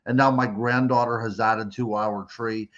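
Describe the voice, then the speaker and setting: A middle-aged man from Western Pennsylvania talks as a radio guest, reflective and rambling with plenty of fillers. His pitch sits in a middle range. The audio is a bit dull and muffled, as over a remote line. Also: steady tone, moderate pace, fairly bright tone. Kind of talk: casual radio chat.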